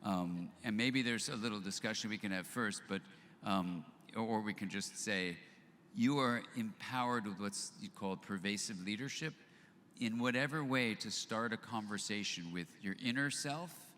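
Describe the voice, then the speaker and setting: An older man at a live event recounts a story in an event hall, animatedly voicing both parties in the conversation. He talks at a normal speed in a lowish voice, captured with a hall's long reverb and faint background noise.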